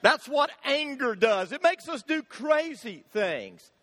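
A man preaching a sermon, telling funny stories in an animated way and acting out the shouting in them. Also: very high-pitched, takes it slowly. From Florida, USA. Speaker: pastor. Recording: long hall reverb.

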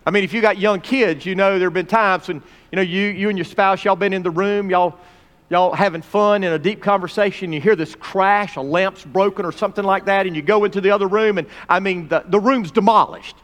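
A man teaching a Bible lesson, reading scripture dramatically with pauses and stopping to point out phrases. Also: sits high, fairly even intonation, fairly bright tone. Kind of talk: expository sermon reading scripture. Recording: long reverb of a large hall.

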